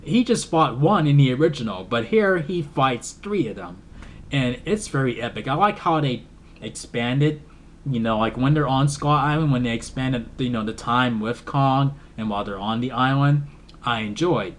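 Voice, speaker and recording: A man's voice: mid-range voice, animated, normal speed, a little hiss or hum. A man casually reviewing a movie, rambling, repeating himself and laughing often. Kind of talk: casual film review vlog.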